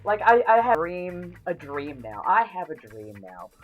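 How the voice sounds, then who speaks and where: A woman's voice: on the low side, very animated, moderate pace, phone-quality sound, soft background music. A woman co-hosting a podcast in casual chat, reacting with blunt, profane quips and laughter. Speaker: podcast co-host.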